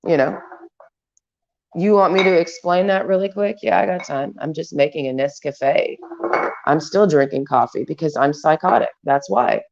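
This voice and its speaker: A woman's voice: low voice, moderate pace, creaky, noisy background. A woman vlogger ranting in a crude, profane, stream-of-consciousness ramble. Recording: dull lo-fi recording.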